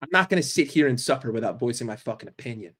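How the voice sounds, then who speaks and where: A man's voice: mid-range voice, lively intonation, racing, a bit bright. Rambling, profane man streaming. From New York. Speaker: football fan streamer. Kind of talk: casual live-stream rant.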